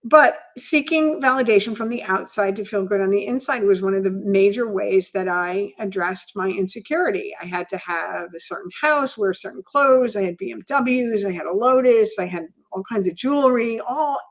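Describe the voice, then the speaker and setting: A middle-aged woman co-hosting a podcast in an open, reflective conversation. She talks candidly and in a relaxed way, often filling her pauses with "you know". Her pitch sits in the middle range for a woman. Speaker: podcast co-host.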